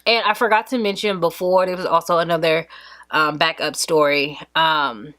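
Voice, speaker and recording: A woman's voice: deep voice, moderate pace. A young woman in casual storytime, animatedly acting out what others said. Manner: animated, acts out quotes of others. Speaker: vlogger.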